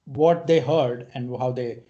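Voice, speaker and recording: A man's voice: medium pitch, slow, dark tone. A man, hosting a podcast chat, hesitant and full of fillers and repeats. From India. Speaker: podcast host. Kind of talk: casual chat. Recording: dull, lo-fi sound.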